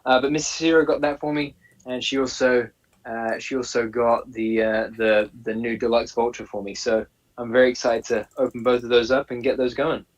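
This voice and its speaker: A man co-hosting a live stream, easygoing, reading out chat names in a steady list. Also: mid-range voice, normal speed. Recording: distant, muffled call audio.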